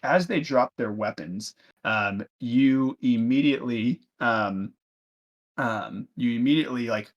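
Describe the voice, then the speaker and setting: Game master guy rambling thru the scene, lots of likes and ums, normal pitch. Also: muffled recording. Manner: rambling, filler-heavy narration. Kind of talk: narrating a tabletop game.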